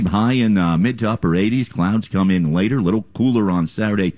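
A man's voice: on the low side, brisk, a little mellow, highs cut off. A man reading a local radio news bulletin in a formal newsreader delivery. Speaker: news anchor.

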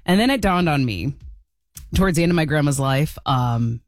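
Morning radio co-host, woman in her 30s, animated storyteller, dry close studio sound. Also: sits low, normal speed, dry recording, faint music behind. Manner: lively storyteller, animated and laughing. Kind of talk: casual radio banter. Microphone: studio mic.

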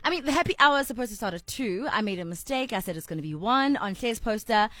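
A woman with a South African accent hosting a live radio chat show, bubbly and animated, on a studio microphone. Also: fairly high pitch, fast, no echo. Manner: bubbly, animated, code-switching. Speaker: radio host.

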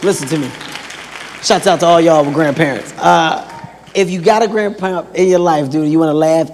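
A male stand-up comedian telling stories in a loud, playful and profane way on a club stage. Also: fairly high pitch. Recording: live comedy club, crowd and noise, reverb.

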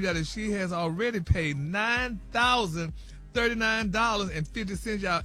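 A man reading celebrity news on a radio morning show, animated and gossipy, sprinkling in "y'all" and "honey". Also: high voice.

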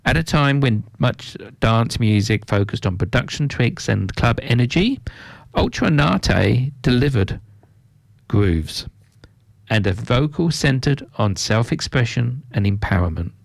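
A man hosting a radio show, presenting tracks in a relaxed, chatty way. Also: mid-range voice, unhurried, creaky, no room sound. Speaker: radio host.

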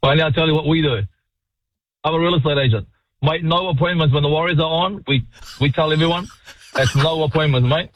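A New man calling into a sports radio show, excitable, swearing freely and calling everyone mate. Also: fairly high pitch, fast, no room sound. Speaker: caller. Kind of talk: radio call-in. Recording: muffled phone-in line.

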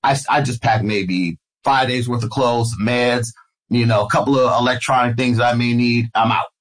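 A man's voice: mid-range voice, steady tone, moderate pace, rough recording. A middle-aged man, a radio host, telling a personal story in conversation and acting out the voices of the people in it. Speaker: radio host, interview guest.

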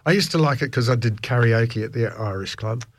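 A man's voice: medium pitch, brisk, dry recording, studio quality. A man, hosting a casual radio chat, telling stories and laughing often. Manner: chatty storyteller, laughs often.

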